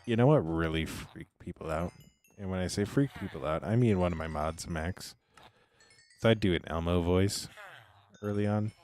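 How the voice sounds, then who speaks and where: A man with a very low, hoarse voice chats loosely through a live game stream. He rambles to himself and to his viewers, sometimes sliding down into a whisper. The talk is loose and unscripted, with a scratchy edge to the voice. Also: normal speed, a little mellow. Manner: rambling, talks to himself and chat; drifts into whispering. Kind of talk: casual live gameplay commentary.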